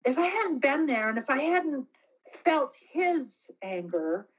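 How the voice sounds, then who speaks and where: A middle-aged woman, an interview guest, telling a personal story earnestly and haltingly, often restarting her sentences. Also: high voice, big pitch swings, highs cut off.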